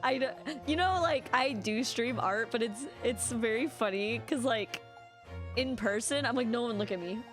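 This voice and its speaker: A woman's voice: a little high, a little slow. A woman streaming a video game, chatting casually and rambling with lots of giggles. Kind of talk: casual chat while playing a video game. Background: game music.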